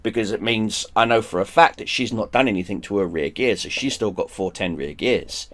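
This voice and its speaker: A man hosting a stream, telling a story in casual chat. He swears a lot, gets animated and often restarts his sentences. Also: fairly low pitch, fairly quick. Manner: profane, animated, with frequent restarts. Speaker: streamer host.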